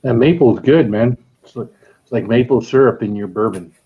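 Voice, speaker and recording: A man's voice: mid-range voice, moderate pace, husky, phone-quality sound. Blunt, plainspoken man chatting. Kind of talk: casual chat.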